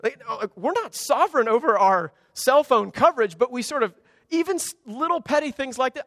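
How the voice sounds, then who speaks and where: A man preaching a sermon as a pastor, animated, with wide swings in pitch and volume. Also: a little fast, no room sound, clean studio sound, big-room sound. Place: church sanctuary.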